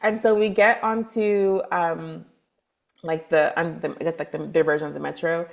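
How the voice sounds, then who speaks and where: A woman from Texas, a spiritual advisor guest, telling her story in a chatty, lively podcast interview with lots of fillers. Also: fairly low pitch, measured pace, gravelly. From Texas, USA.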